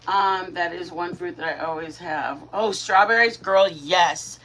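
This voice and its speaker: A woman's voice: moderate pace, hardly any pauses. A middle-aged woman from Michigan hosting a casual live stream, chatting with viewers by name and talking sweetly to her dogs. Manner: chatty, warm toward viewers, greets chat by name, talks to her dogs in a high baby voice.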